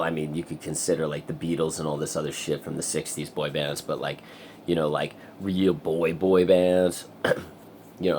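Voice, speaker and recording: A man talking in a rambling, profane casual monologue for his vlog. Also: slight background noise. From United States. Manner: profane, rambling, breaks into loud high singing. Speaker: vlogger.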